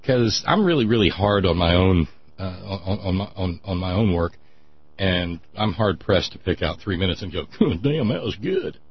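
A man's voice: low voice, normal speed, husky, dry recording, muffled recording. A man with a Southern accent hosting a talk radio show in a folksy, rambling, chatty way. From West Virginia. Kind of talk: casual talk radio monologue.

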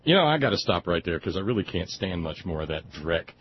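A man's voice: low-pitched, sing-song, quick pace, lo-fi sound, over music. A man hosting political talk radio who delivers sardonic, indignant commentary and often stumbles over his words in restarts. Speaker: radio talk show host.

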